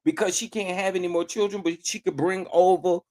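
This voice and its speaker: A man's voice: high-pitched, fairly even intonation, brisk, a little mellow. A man hosting a reaction commentary, talking back at a played call, incredulous and exclaiming, repeating lines for emphasis. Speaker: commentary vlogger.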